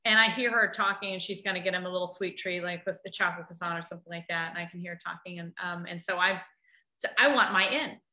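A woman's voice: lowish voice, fairly even intonation, quick pace, pushed and bright, reverberant. A woman co-hosting a podcast, chatting casually and telling stories with many restarts. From United States. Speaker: podcast co-host. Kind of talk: casual chat.

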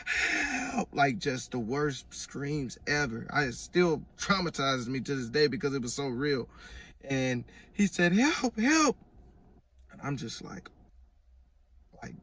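A man's voice: mid-range voice, distant mic. Earnest man rambling through a testimony. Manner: earnest, rambling, with repeated restarts. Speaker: vlogger giving religious testimony. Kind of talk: casual personal testimony.

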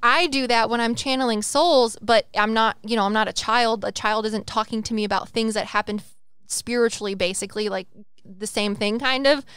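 Animated high-voiced woman podcaster. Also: normal speed, clean tone, no room sound, studio quality. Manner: animated, rambling, swears, acts out quotes. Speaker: podcast co-host and psychic medium. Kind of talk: casual podcast chat.

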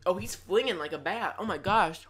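A woman reacting to a game trailer as a YouTuber, gushing and excitable, with loud exclamations and jokey asides. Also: fairly low pitch, moderate pace.

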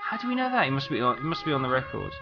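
A man's voice: mid-range voice, very animated, racing, creaky, muffled recording, over music. A man giving casual let's-play commentary, rambling as he talks to game characters and apologizes to them. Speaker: gameplay commentator.

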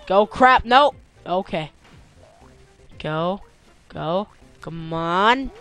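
A young man giving gameplay commentary, tired and yawning, complaining one moment and yelping with excitement the next. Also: sits high, measured pace, long pauses, smooth. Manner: excitable, complaining, with sudden yelps. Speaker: let's play host. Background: faint game music.

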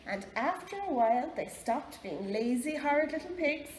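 A woman with an Irish accent reading a picture book aloud to children in a library, slow and expressive. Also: high-pitched. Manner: slow, expressive, lively storytelling. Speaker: library storyteller. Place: library room. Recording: echoey library room, faint background noise.

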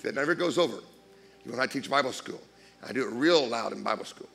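A man preaching as a guest speaker, blunt and emphatic, swinging between quiet asides and loud declarations. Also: medium pitch, lively intonation, fast, gravelly. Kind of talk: sermon.

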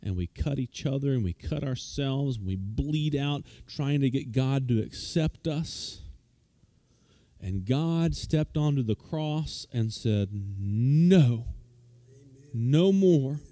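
A man preaching a conversational sermon at a church service, informal, with many restarts and fillers, growing lively when he retells a story. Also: mid-range voice, slow pace, dry recording. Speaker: pastor.

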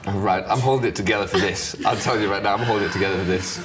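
A man's voice: on the low side, steady tone, racing, recorded from a distance. A young man telling jokes in casual banter, trying to hold back laughter through the punchlines. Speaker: joke teller in a laugh challenge. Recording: music bed, voice a bit off mic.

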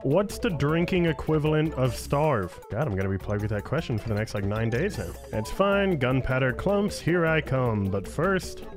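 Gaming YouTuber, male, teasing banter, lively swooping delivery. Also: medium pitch, normal speed, hardly any pauses. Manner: playful, teasing the game's creatures. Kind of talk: let's play commentary. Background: game music.

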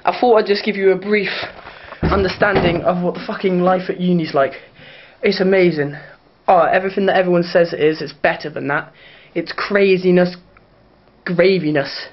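A man's voice: sits high, steady tone, normal speed, background noise. Drunk young man, slurred and boastful, talking to his camera on muffled lo-fi audio. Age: young adult. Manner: slurred boastful slang-heavy rambling. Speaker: vlogger. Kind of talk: casual drunk vlog.

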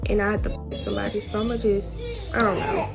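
A woman's voice: mid-range voice, little pitch movement, fast. A teenage girl chatting candidly to viewers in a casual vlog, using slang like y'all and finna. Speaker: vlogger. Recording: music playing behind the voice.

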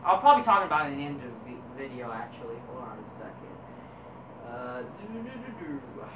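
A woman's voice: a bass voice, very animated, a little fast, very noisy. A woman reviewing wrestling as a vlogger, ranting crudely with constant swearing and a dismissive, combative manner. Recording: roomy echo, voice distant from mic.

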